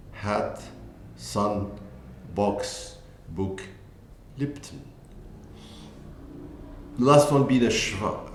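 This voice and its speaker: A man presenting a book as a language teacher, talking deliberately and pausing often on "uh" between points. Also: fairly low pitch, a little hiss or hum. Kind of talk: slow lecture-style walkthrough. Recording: echoey room with faint ambience.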